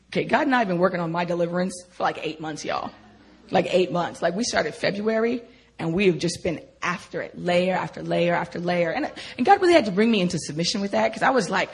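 A woman telling her personal testimony to listeners in an animated way, laughing often and speaking directly to them. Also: fairly low pitch, slightly rough.

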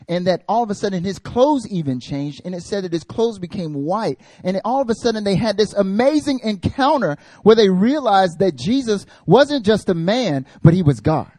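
A man preaching a casual, joking sermon in an animated, slangy way. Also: high voice, dry recording.

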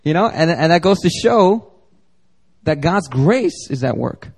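A man's voice: on the high side, lively intonation, unhurried, slightly rough. A man preaching a sermon as pastor, conversational and joking, acting out little dialogues. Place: church service.

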